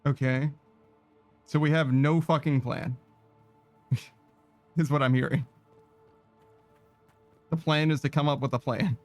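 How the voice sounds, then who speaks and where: A man's voice: medium pitch, steady tone, slow, long pauses, soft background music. A man giving let's-play commentary in a sardonic, profane, rambling way. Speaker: gaming streamer.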